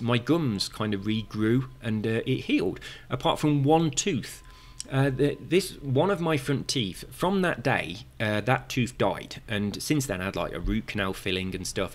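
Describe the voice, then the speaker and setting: Gaming video host, man, slight lisp, chatty, tangent-prone delivery. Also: medium pitch. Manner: chatty, tangent-prone, many fillers and restarts. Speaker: gaming video creator reading viewer comments. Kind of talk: casual rambling commentary.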